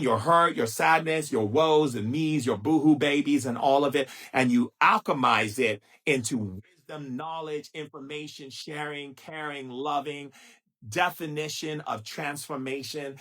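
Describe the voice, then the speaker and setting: Husky, theatrical male spiritual teacher. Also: fairly bright tone. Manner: playful and theatrical, sudden pitch jumps and drawn-out chants. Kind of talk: live motivational talk.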